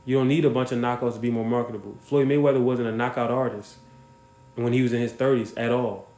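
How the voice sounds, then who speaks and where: A man's voice: mid-range voice, steady tone, fast, reverberant. Blunt, profane man on a livestream. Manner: blunt, profane, shouts out viewers. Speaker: livestream host. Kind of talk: casual livestream chat.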